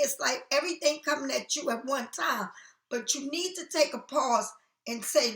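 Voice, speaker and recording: A woman's voice: sits high, moderate pace, fairly bright tone, reverberant. A woman doing a casual tarot reading for viewers, chatty and frank, swearing freely and calling the listener honey. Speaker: tarot card reader.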